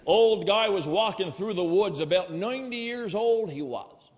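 A man's voice: high voice, animated, normal speed. A man with a rural Vermont accent doing live stand-up comedy, folksy and drawling, with rural grammar. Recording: live hall with long reverb.

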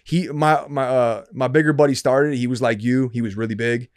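A man in his thirties from Michigan, telling a story as a podcast guest in a loose, profane, animated way. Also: mid-range voice, moderate pace, dry recording, clean studio sound. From Dearborn, Michigan, US. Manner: profane, animated, repeats himself when excited. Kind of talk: casual storytelling.

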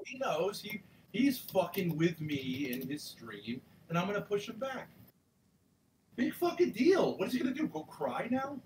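A man's voice: sits high, big pitch swings, measured pace, slight background noise, poor audio. A man and parent arguing on a livestream, angry and defensive. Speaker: parent in a debate. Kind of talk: heated livestream argument.

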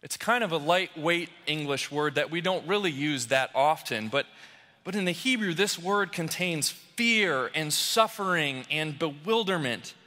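Slow-preaching young man in a reverberant church. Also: a little high, animated, pushed and bright. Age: young adult. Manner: slow, dramatic preaching with voiced cries of the crowd. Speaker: pastoral resident. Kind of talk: sermon. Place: church sanctuary.

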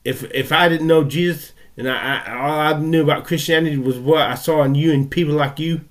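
A man from the United States delivers a furious, profanity-laced rant, his voice sitting a bit higher than most men's. He stumbles and restarts as the anger outruns his words. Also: steady tone, a little fast. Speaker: vlogger. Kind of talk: angry ranting monologue.

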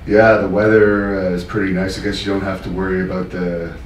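A man hosting an interview, asking plain, steady questions. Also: low-pitched, a little fast. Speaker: interview host. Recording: roomy, distant mic with faint noise.

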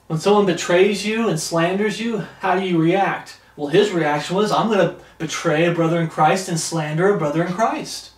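A man preaching a sermon in a fairly high voice. He stretches out the scripture verses with emphasis and then comments on them bluntly, and he sounds a little far from the mic in a roomy echo. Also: normal speed, hardly any pauses.

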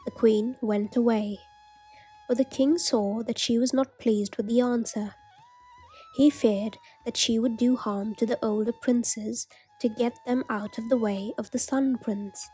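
A woman narrating a storybook tale, reading aloud slowly and gently. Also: on the high side, fairly even intonation, breathy edge, soft background music. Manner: slow, gentle read-aloud.

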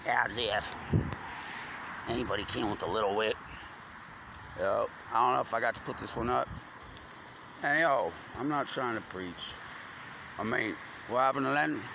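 This mid-range male voice has vocal fry, a moderate pace, and frequent pauses as he drifts through a slangy, wandering monologue laced with curses. Heavy street noise and passing traffic fill the background.

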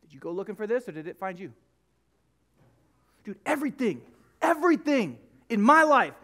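A man delivers a sermon from the front of a church, swinging freely between low asides and punchy, raised lines. His voice sits unusually high for a man and moves all over the place, and he tells his stories casually, hammering points home by repeating them. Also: normal speed. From United States. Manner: animated, conversational storytelling with emphatic repetition. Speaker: pastor. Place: church sanctuary.

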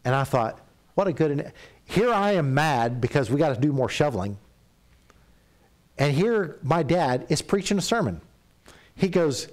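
A middle-aged man from Canada preaching a sermon, telling stories with animated rises and quiet drops. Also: mid-range voice, a little slow, pauses often. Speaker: pastor.

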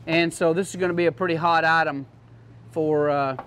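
A man with a drawl demonstrates equipment to a group in a loose, joking way. His voice sits high for a man. A light hiss runs under the recording. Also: fairly even intonation, normal speed, a bit bright. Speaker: product demonstrator. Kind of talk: casual product demo to a class.

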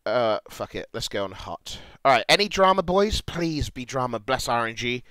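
This young British streamer has a mid-range voice with big pitch swings and a moderate pace, and there's no echo. He reacts to posts in crude, casual chat, muttering as he reads and laughing loudly.

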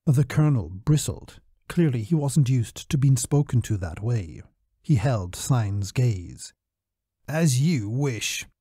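Male audiobook narrator, steady telling, lively pitch, dry close sound. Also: a little slow, breathy edge, no echo. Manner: steady storytelling. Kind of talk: scripted narration.

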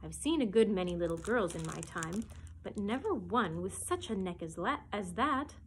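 A woman's voice: medium pitch, expressive, normal speed, a little hiss or hum, lightly acted. A children's librarian voicing a fretful, shrieking mother pigeon that guards her eggs and scolds with contempt. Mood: scornful. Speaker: children's librarian reading aloud.

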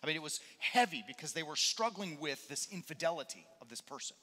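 Male pastor, sermon, chatty animated storytelling, bright forceful voice, long church reverb. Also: a little high, quick pace. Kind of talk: sermon with a humorous personal story.

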